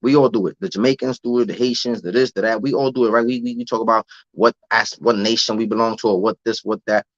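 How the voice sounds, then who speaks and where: He talks fast with hardly a pause, his fairly low voice staying fairly even in intonation. A young man from the United States, he's on a casual live-stream rant, repeating himself in loose street slang. The recording is dry, dull and lo-fi.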